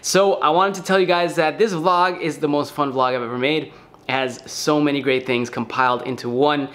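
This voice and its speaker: A man's voice: a little high, fairly even intonation, moderate pace, fairly bright tone. A young man giving an upbeat vlog intro, speaking directly to his viewers. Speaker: vlogger.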